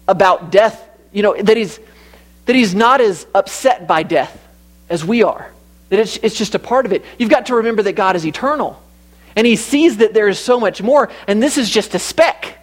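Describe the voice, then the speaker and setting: A man's voice: high voice, lively intonation, moderate pace. A man in his thirties preaching a conversational sermon with personal stories and frequent restarts.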